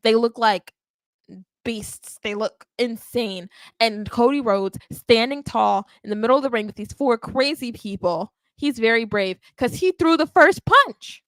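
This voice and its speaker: A woman hosting a wrestling podcast, recapping a live show in an animated, emphatic way and often checking in with "okay?". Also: on the high side, measured pace, no echo. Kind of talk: live watch-along recap.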